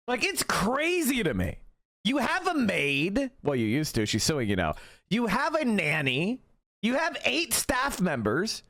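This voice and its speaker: A streamer reacts to a video on a livestream, ranting, swearing and mocking as he swings between shouting and low mutters. His pitch swings hugely while his pace stays measured. The recording is dry with clean studio sound.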